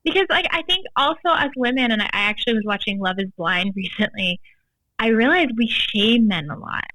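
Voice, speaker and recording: A woman's voice: on the high side, animated, a little fast, pushed and bright, no room sound, poor audio. Podcast guest: an emphatic woman coach, casual, with a dry close sound. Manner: emphatic, frequent "like" fillers. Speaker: guest, tantra and embodiment coach.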